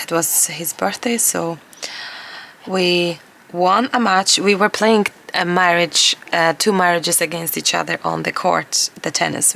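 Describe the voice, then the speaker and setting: A woman collage artist chatting casually to camera while she crafts, her voice hoarse and gravelly, talking in a rambling way with frequent laughs. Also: on the low side, a bit bright, slight background noise.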